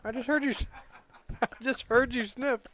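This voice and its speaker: A man's voice: very high voice, fairly even intonation, moderate pace, a bit bright, slight background noise. A man giving live pool commentary from a booth, breaking down shots and teasing his co-host. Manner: teasing, analytical, laughs often.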